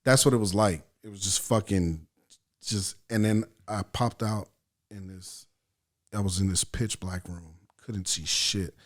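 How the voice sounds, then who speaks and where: A man's voice: low-pitched, measured pace. A middle-aged man from El Salvador, a podcast guest, telling a long story in casual chat, full of swearing, and acting out his own thoughts as he goes. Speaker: podcast guest, actor and writer.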